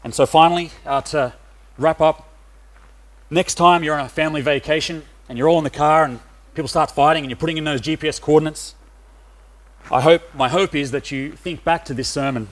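A man's voice: fairly high pitch, steady tone, fairly quick. Hesitant middle-aged male preacher. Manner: hesitant, many "uh" fillers. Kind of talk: sermon.

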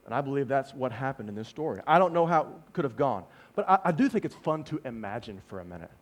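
A man preaching a sermon, animated, dropping to hushed tones for emphasis and asking his listeners questions. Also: mid-range voice, fast talker. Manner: speaks to the congregation directly with rhetorical questions.

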